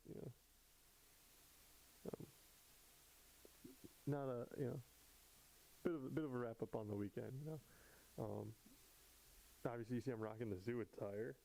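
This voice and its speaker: A man's voice: mid-range voice, steady tone, moderate pace, creaky, long pauses, dark tone, slight background noise, rough recording. A man hosting his own vlog from home, chatting casually and rambling with many fillers and restarts. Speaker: vlog host. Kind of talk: casual solo chat.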